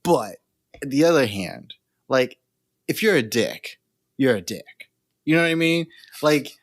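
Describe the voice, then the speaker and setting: A man's voice: mid-range voice, big pitch swings, unhurried. A young man co-hosting a casual podcast chat, blunt and emphatic, swearing freely. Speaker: podcast co-host.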